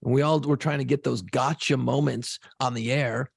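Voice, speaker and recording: A man co-hosting a podcast, a former radio DJ telling stories in a casual, profane, animated way. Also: medium pitch, normal speed, gravelly, husky, no echo, clean studio sound. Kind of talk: casual chat.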